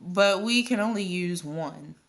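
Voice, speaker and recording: A woman's voice: lowish voice, unhurried. A woman voicing a friendly young woman office worker who speaks in a helpful, reassuring way in a storybook reading.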